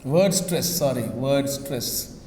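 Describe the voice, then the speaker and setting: A man's voice: medium pitch, slow pace, mellow, a little hiss or hum. A man teaching a class, repeating key phrases and checking in with "right?" after nearly every point. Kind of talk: classroom lecture. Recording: echoey room with long reverb.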